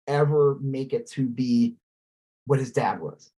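A man co-hosting a podcast in casual chat, rambling and animated, swearing freely and mimicking posh voices. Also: medium pitch, a little slow. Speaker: podcast co-host.

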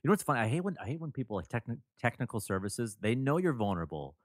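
A man's voice: medium pitch, big pitch swings, very fast, no room sound, clean studio sound. A man hosting a podcast, chatting casually with wry, sarcastic asides. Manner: wry, sarcastic reactions and rants.

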